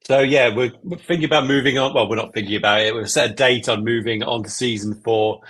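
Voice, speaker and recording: A man's voice: mid-range voice, fairly even intonation, quick pace, a bit bright, slightly rough. A man giving a casual update on an ambassador program during an online call, laughing easily and restarting words.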